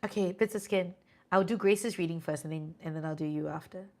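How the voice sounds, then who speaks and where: Gravelly low-voiced Singaporean woman. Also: a little fast, a little mellow. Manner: chatty, reassuring, sprinkles "lah". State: sleepy, yawning. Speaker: tarot reader and live streamer. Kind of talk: casual live-stream chat with viewers.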